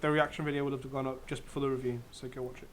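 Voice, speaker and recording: A man's voice: medium pitch, flat delivery, racing, a little hiss or hum. Young guy gushing about a show, keeps fixing what he just said, chatty. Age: young adult. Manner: enthusiastic, self-correcting, chatty. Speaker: co-host reviewing a TV series. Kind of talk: casual chat.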